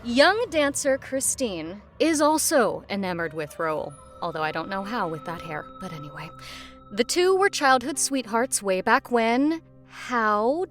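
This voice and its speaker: A woman's voice: a little high, fairly bright tone. A woman co-hosting a film podcast, reading a plot synopsis with wry, teasing asides. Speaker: podcast co-host.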